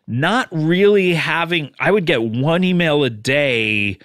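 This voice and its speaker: A man's voice: a little high, slow, dry recording, studio quality. A middle-aged man hosting a podcast, telling stories in casual chat and chuckling often. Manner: animated, chuckling storyteller. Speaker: podcast host.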